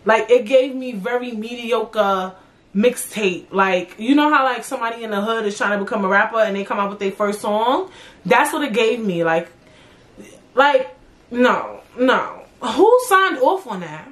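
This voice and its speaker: A young woman hosting her own podcast, ranting in a blunt, profane, animated way about music and celebrities. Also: on the high side, unhurried. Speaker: podcast host. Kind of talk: casual solo podcast rant.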